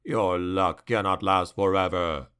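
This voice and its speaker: A man voicing a scornful, imperious male dark elf warlord in a fantasy audiobook, speaking slowly and with contempt. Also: low voice, steady tone, smooth, pitched below the performer's own voice.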